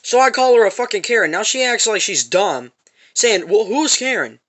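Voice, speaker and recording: A man's voice: sits high, expressive, moderate pace, fairly bright tone. A man telling an angry, profane story about a confrontation in a parking lot, repeating himself as he goes. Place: parked van.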